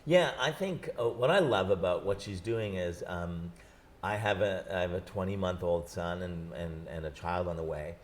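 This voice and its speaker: A man in his thirties, a book's author, talking in an animated, jokey way in an interview on a set. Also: low voice, slight background noise. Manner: animated, jokey, quick bursts. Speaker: author guest. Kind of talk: conversational interview. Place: studio set.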